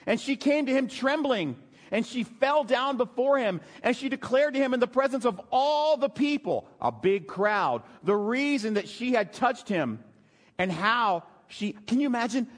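Guy preaching a sermon, high-ish voice that jumps all over, big echoey hall. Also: moderate pace. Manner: animated storytelling, drops to hushed emotional tones. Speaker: pastor. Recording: long hall reverb.

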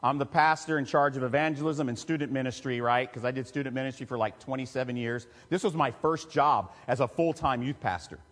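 A man, a pastor telling a personal story in a sermon with emotional, confessional warmth. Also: mid-range voice, steady tone, brisk, few pauses. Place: church sanctuary. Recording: long reverb of a church hall.

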